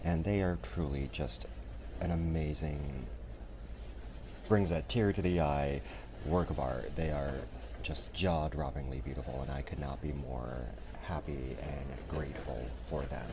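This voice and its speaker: Male vlogger, very deep voice, unhurried, wry and chatty. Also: fairly even intonation, background noise. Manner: chatty, self-deprecating humor. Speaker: vlogger sewing historical Korean clothing. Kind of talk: casual chat to camera.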